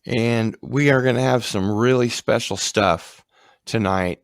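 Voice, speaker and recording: A man's voice: mid-range voice, measured pace, no room sound. A man hosting a casual livestream chat, rambling with ums and restarts. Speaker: livestream host.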